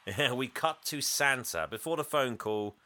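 A man recapping a film in casual comedic chat, laughing and acting out the lines in quick voices. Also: medium pitch, expressive, pushed and bright. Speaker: podcast host recapping a film.

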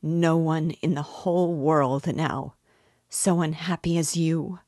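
A woman's voice: low voice, steady tone, slow, darkish tone, dry recording, studio quality. A woman reading aloud and voicing a desperate, tender young woman who pleads and cries out. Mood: anguished pleading. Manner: pleading, tearful, rising to cries.

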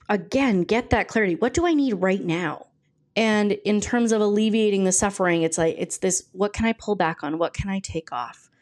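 A woman's voice: medium pitch, darkish tone. A woman hosting her podcast and working as a coach, talking casually and with self-deprecating humor while she reads passages from a book. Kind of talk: casual solo podcast talk.

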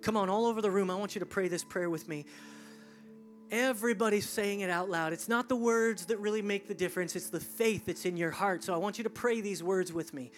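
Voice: medium pitch, a little fast, faint music behind. A pastor giving an altar call in a large church during a service, shifting between intense near-whispers and rising, fervent appeals. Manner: intense, drops to near whisper, then rises.

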